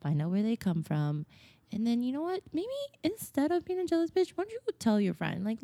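A woman's voice: on the low side, sing-song, fast talker, dark tone, no echo. A young woman co-hosting a podcast in casual chat, laughing often and swearing casually. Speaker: podcast co-host.

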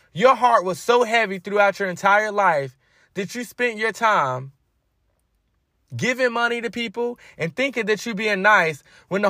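A man's voice: sits high, pushed and bright, no room sound, studio quality. A man preaching a conversational sermon, reading scripture and retelling it in colloquial.

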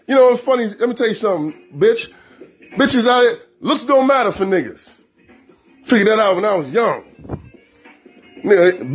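A man's voice: high voice, slightly rough. A man hosting a show, delivering an aggressive, profane monologue in a confrontational manner. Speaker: show host.

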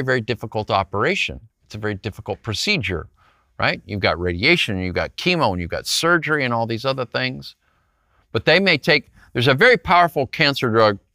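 In a dry, studio-quality recording, a man with a medium-pitched voice preaches a conversational sermon. He's animated as he shares a personal story, turning to the congregation again and again with "right?".

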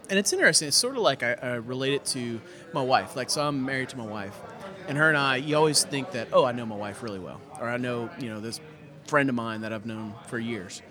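A man's voice: medium pitch, brisk. A man, a pastor co-hosting a podcast, chatting earnestly and laughing easily at a brewery. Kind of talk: casual chat. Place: brewery taproom. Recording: busy taproom crowd noise. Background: crowd chatter.

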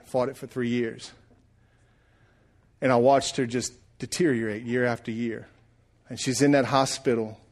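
A middle-aged man preaching a sermon, rising loud and then dropping to a hush. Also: mid-range voice, little pitch movement, measured pace, long pauses. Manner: preaching, swells loud then drops to hushed. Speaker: pastor.

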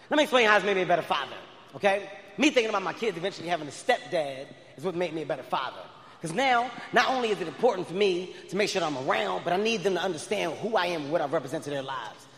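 A man in his thirties performing a stand-up comedy set, telling stories with loud animated outbursts. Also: high-pitched, a little hiss or hum. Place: large arena stage. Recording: live arena with long reverb.

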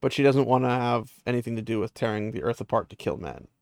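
A man's voice: mid-range voice, fast, creaky, a little mellow, no echo, studio quality. A man casually recapping the plot of a fantasy novel, rambling and often restarting his sentences. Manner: rambling, many fillers and restarts. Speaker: book recapper.

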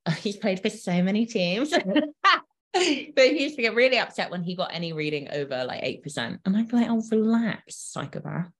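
A woman's voice: mid-range voice, animated, a little fast. A British woman co-hosting a podcast, chatting casually with blunt teasing humor and frequent laughter. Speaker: podcast co-host.

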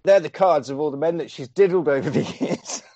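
A man's voice: on the high side, warm tone, no room sound. A man co-hosting a podcast, casually and swearily recapping a film's scenes with a joking tone. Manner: sweary, jokey, retells scenes with quick put-on quotes. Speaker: podcast co-host. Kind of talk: casual film recap chat.

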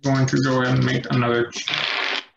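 A man's voice: mid-range voice, brisk, creaky, noisy background. Brief: male game master, loose and rambling, in an echoey room on a dull mic. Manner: relaxed, rambling, many fillers. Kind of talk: narrating a tabletop game.

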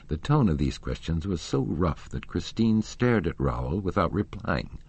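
A man narrating a classic novel as an audiobook, in a measured, expressive storytelling manner. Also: low-pitched, breathy edge.

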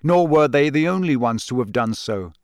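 A man narrating an audiobook in a steady storytelling voice. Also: on the high side, moderate pace, no echo, studio quality. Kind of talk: scripted narration.

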